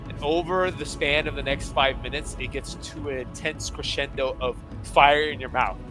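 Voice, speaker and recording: A man running a tabletop game as game master, narrating in a rambling, lively way and often restarting his phrases. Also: on the high side, moderate pace. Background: music.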